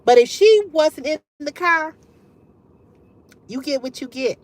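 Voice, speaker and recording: A middle-aged woman hosting a livestream, telling a story to her chat in a candid, profane, animated way and laughing often. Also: sits high, unhurried. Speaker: livestream host. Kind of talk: casual storytelling to live chat.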